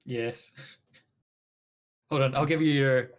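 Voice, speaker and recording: A man's voice: mid-range voice, fairly even intonation, slow pace. A Scottish man co-hosting a podcast, chatting casually, laughing along and swearing now and then. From Scotland. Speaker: podcast co-host. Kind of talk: casual chat.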